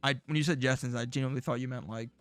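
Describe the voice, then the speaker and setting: A man's voice: mid-range voice, fairly even intonation, rapid-fire, fairly bright tone, smooth, no room sound, faint music behind. A man streaming casually, reacting to old predictions with jokey, sarcastic remarks.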